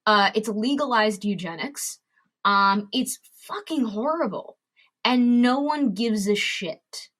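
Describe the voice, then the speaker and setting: A woman's voice: medium pitch, animated, slow pace, fairly bright tone. A woman comedian and advocate, a podcast guest who talks bluntly and emphatically with lots of swearing. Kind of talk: candid podcast interview.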